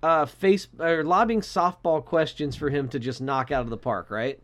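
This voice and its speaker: A man's voice: on the high side, normal speed, a bit bright. A man co-hosting a podcast in a casual, profane chat with dry sarcasm. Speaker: podcast co-host.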